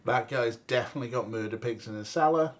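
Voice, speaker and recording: A man's voice: medium pitch, fast, a little hiss or hum. A young man casually commentating a game, rambling and joking and laughing often. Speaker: let's play streamer.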